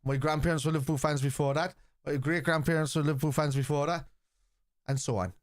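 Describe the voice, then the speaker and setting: A man with a Scouse accent hosting a live football watchalong stream, reacting to the match and arguing bluntly with viewers in the chat, swearing freely and yelling out players' names. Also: on the high side, steady tone, fast, no room sound, clean studio sound.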